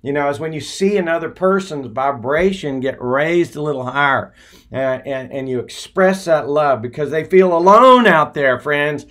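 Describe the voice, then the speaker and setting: A man's voice: a little high, lively intonation, normal speed, fairly bright tone. Rambling older man speaking from the heart. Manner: rambling, full of uh and restarts; affectionate, folksy. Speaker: live-stream speaker. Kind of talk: heartfelt live-stream monologue.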